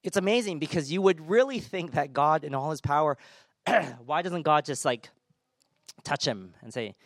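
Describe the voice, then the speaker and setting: A man's voice: fairly high pitch, animated, normal speed, no room sound, studio quality. A man giving a conversational sermon as a pastor, informal with self-deprecating humor.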